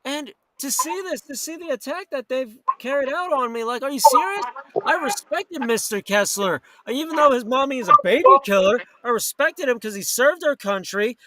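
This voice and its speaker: A man's voice: very high voice, lively intonation, moderate pace, poor audio. A man hosting a live talk radio show, ranting angrily with heavy profanity. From New York or Florida. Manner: profane, heated, indignant. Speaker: host. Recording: loud background noise.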